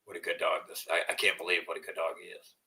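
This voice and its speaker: A man's voice: deep voice, monotone, fast, distant mic, rough recording. A man talking casually to camera in a profane, rambling way, repeating himself, and at times cooing to his dog. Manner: soft cooing baby talk to his dog. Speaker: vlogger.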